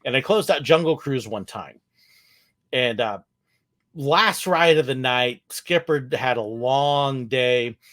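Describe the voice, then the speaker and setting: A man from California telling relaxed stories over a video call, laughing often. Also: mid-range voice, slow. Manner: easygoing storyteller, laughs often. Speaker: guest, former theme park ride skipper. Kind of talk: casual video call chat.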